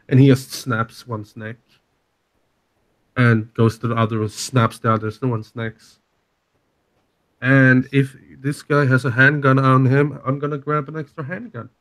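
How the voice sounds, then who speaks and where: A man speaking quietly and laid-back as a player in a tabletop game. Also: medium pitch. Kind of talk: casual tabletop game play.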